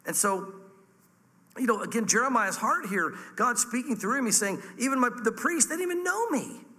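A male pastor preaching a sermon fervently and emphatically, with sudden jumps up and drops down in pitch. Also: expressive, moderate pace, sharp tone. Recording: long hall reverb.

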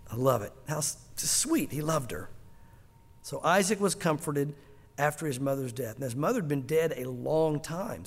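Male preacher, high voice, expressive storyteller, church hall reverb. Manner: animated storytelling, acting out dialogue. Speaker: pastor. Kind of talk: sermon.

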